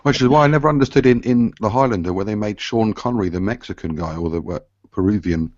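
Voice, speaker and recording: A man's voice: on the low side, fast talker, darkish tone, no echo. A man chatting casually in a group discussion, rambling on at length. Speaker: panelist. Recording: dull lo-fi dry recording.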